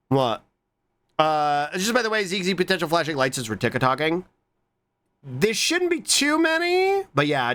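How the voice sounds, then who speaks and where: A man streaming and chatting casually with his viewers, excitable and swearing often. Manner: excitable, swears a lot, jumps to squeaky high greetings.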